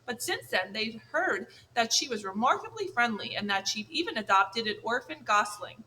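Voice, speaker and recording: A woman reads a children's storybook aloud, clear and measured. Her voice is bright and sits a little high, with a faint hiss underneath. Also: big pitch swings, low-quality recording. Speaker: audiobook narrator. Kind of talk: scripted audiobook narration.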